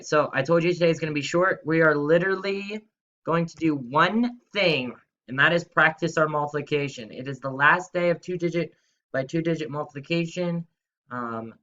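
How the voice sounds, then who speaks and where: A man's voice: on the high side, moderate pace, sharp tone, dull audio. A young man teaching a video lesson to schoolchildren in an upbeat, chatty way, talking straight to the kids. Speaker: third-grade teacher.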